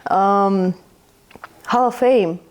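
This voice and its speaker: A woman hosting a podcast interview, asking halting questions full of "uh". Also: mid-range voice, clear, resonant tone. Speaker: podcast host.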